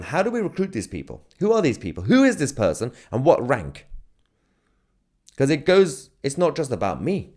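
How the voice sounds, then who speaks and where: A man's voice: medium pitch, a little mellow. A male independent journalist making an indignant, insistent statement and listing his demands. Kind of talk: impassioned statement to camera.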